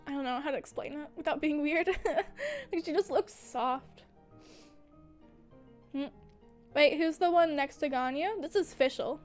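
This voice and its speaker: A young woman with a high, bright-sounding voice talks slowly and gushingly on a livestream, breaking into giggles mid-sentence. Faint music plays softly behind her. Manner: gushing, filler-heavy. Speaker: streamer. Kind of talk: casual livestream chat.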